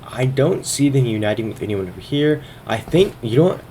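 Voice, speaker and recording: A man's voice: mid-range voice, animated, brisk, warm tone, a little hiss or hum. A man casually commenting on a strategy game, thinking aloud as he narrates each turn, sometimes a little out of breath. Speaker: gaming video host.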